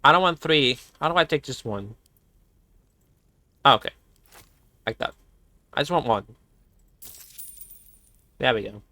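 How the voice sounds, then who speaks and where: A man streaming a video game, chatting casually and excitably, cooing fondly at animals and laughing often. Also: medium pitch, measured pace, pauses often, no room sound. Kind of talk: casual gameplay commentary.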